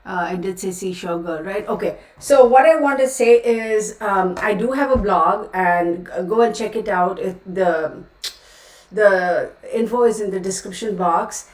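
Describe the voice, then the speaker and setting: A woman's voice: medium pitch, distant mic. A woman with a Texan accent hosting a tarot livestream in a chatty, rambling way, often breaking off mid-thought and calling her viewers "y'all". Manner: chatty, self-interrupting, addresses viewers as y'all. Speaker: tarot reader, channel host. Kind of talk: casual livestream chat. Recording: roomy, a bit off-mic.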